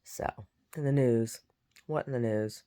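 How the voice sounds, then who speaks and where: A woman's voice: extremely low pitch, measured pace, warm tone. A woman vlogger chatting casually and meandering, repeating words and muttering asides to herself. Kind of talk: casual rambling chat.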